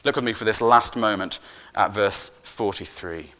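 A man's voice: on the low side, moderate pace. Earnest male preacher delivering a sermon. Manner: earnest, emphatic, with repeated words; swings from loud emphasis to soft, hushed endings.

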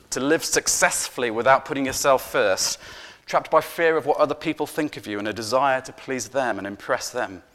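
A medium-pitched man preaches a sermon earnestly and emphatically, repeating words for stress. His delivery swings from loud emphasis to soft, hushed phrase endings.

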